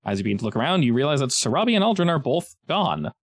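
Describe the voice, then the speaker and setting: Lively man narrating as game master. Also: medium pitch, rapid-fire, no echo, clean studio sound. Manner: lively, chatty narration with many restarts.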